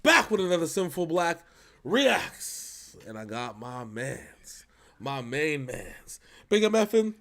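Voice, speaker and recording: A man's voice: a little high, slow. A man co-hosting a reaction show, bantering casually and joking over a video call. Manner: animated, joking, big swings in loudness.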